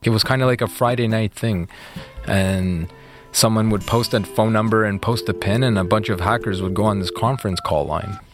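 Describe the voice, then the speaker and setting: A man being interviewed, retelling events in a fast, animated way with many fillers. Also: lowish voice, soft background music. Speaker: interview guest. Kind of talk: casual storytelling interview.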